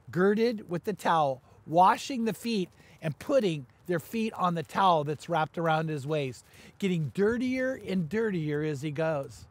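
Husky, animated male preacher. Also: dry recording. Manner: animated preaching, quick rises in pitch and volume for emphasis. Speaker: pastor. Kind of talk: sermon.

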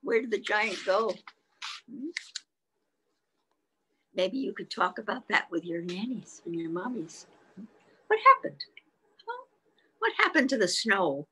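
Woman storyteller, reading to toddlers, sing-song, very lively pitch, slow, bright. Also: husky. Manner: sing-song, asking children questions. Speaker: children's storyteller. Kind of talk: reading a picture book to toddlers.

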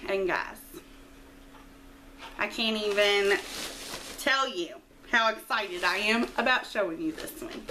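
A woman's voice: mid-range voice, takes it slowly, pauses often, slight background noise. A middle-aged woman, chatting casually as she opens a friend's mail package at home. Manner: chatty and gushing, squeals with excitement. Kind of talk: casual unboxing chat. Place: quiet home.

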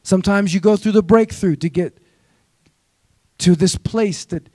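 High-voiced energetic man preaching. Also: unhurried, dry recording. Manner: energetic, exhorting, repetitive call-and-response. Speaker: guest preacher. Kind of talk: sermon. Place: church sanctuary.

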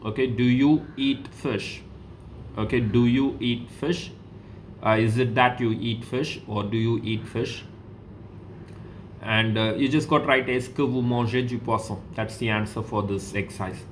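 A man's voice: medium pitch, fairly even intonation, a little slow, a little hiss or hum. A man teaching a French lesson to a school class, patient and repetitive, saying okay between steps. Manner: patient, repeats each example, says okay often.

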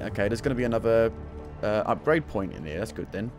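Over background music, a man with a fairly low, lively voice talks fast while streaming his playthrough. He keeps up a chatty, jokey commentary, mostly talking to himself as he plays.

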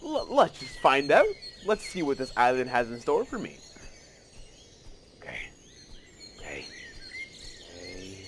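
A man giving casual let's play commentary, excitable and rambling, often gasping and joking at himself. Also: medium pitch, unhurried, long pauses, a little hiss or hum. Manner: excitable, rambling, gasps and self-mocking asides.

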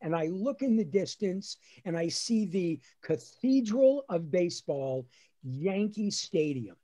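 A man, a lawyer and comedian, telling a comic childhood story in a lively, animated way on a video call. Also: high voice, unhurried. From New Jersey. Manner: animated storyteller acting out his dad's voice. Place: at home on a webinar.

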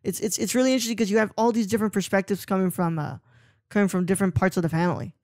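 A man's voice: high-pitched, very fast, no room sound, clean studio sound. A young man as a podcast guest, talking casually about a film, rambling and searching for words. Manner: rambling, repeats "what's it called", animated.

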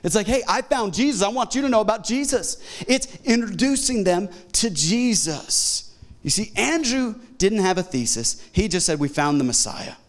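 A middle-aged man preaching a sermon as pastor in a church auditorium, talking in an animated way and jumping into quoted voices. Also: high voice, normal speed.

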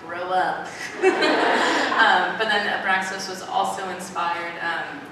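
A woman's voice: lowish voice, fairly even intonation, takes it slowly, heavy background noise. Chatty woman heard from far off in an echoey hall. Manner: chatty and candid, with many fillers and restarts; openly emotional, close to tears at times. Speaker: author speaking at a book event. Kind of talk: casual talk to a live audience. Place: large indoor event hall. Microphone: filmed from far off in the audience. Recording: distant echoey hall with loud ambience.

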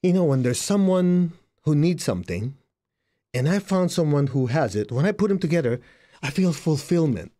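A man quoting a quiet rich man. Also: on the high side, expressive, normal speed, lightly acted. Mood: reflective.

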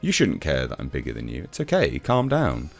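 Deep-voiced man, sarcastic rant. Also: huge pitch swings, a little fast, gravelly, faint music behind. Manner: sarcastic, exasperated, mocking. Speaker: YouTube reviewer. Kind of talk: ranting commentary.

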